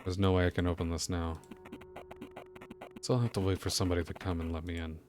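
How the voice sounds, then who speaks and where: A man's voice: deep voice, flat delivery, fast, a little mellow, faint music behind. A man streaming a video game, muttering wry, casual commentary with frequent swearing. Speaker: gaming streamer. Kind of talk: casual let's-play commentary.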